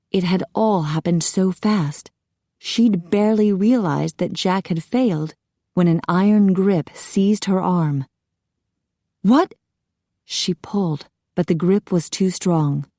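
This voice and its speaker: Woman narrating a romance audiobook, mellow. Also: fairly low pitch, dry recording, clean studio sound. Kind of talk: scripted narration.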